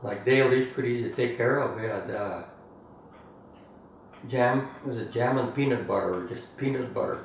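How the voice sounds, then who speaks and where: A man's voice: mid-range voice, moderate pace, vocal fry, dull audio. An older man reminisces in a rambling, chuckling way, often tagging his sentences with "eh?". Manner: rambling, chuckling, ends phrases with "eh?". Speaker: family storyteller. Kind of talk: casual reminiscing. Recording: roomy, distant mic, faint room noise.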